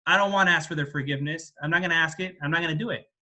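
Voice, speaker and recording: A man's voice: fairly high pitch, rapid-fire, sharp tone. Man doing a whiny self-pitying young monk. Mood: sulky. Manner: complaining, tearful whine.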